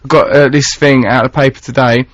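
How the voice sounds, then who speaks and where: A man's voice: mid-range voice, steady tone, quick pace, dry recording. A man with an Essex accent hosting casual radio chat, playful and theatrical, sometimes slipping into put-on voices. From England. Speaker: radio host. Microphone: studio mic. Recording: dry, dull lo-fi radio broadcast.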